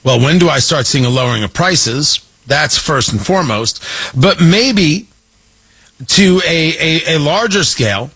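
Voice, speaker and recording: A man's voice: fairly high pitch, lively intonation, a little slow, fairly bright tone, slightly rough. A man delivering an emphatic, sarcastic political commentary monologue, hammering his points through repetition.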